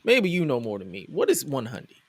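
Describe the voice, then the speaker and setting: Excited guy hosting a wrestling pod, jokey, voice jumping up and down, dry close mic. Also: medium pitch, a little fast, dry recording. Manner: animated, incredulous, joking. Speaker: podcast host. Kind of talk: casual wrestling recap.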